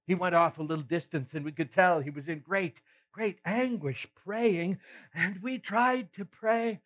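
A man's voice: high voice, unhurried, fairly bright tone. A man playing the apostle Peter, retelling his failings in an earnest, emotional first-person monologue with sighs and rueful laughs. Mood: remorseful. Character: remorseful apostle Peter, adult man, earnest and self-reproaching. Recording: slightly muffled recording.

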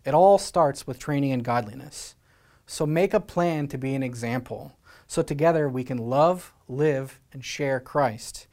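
A man's voice: medium pitch, unhurried, a little mellow. A man from Scotland preaching a sermon as pastor, earnest and exhorting, with many rhetorical questions.

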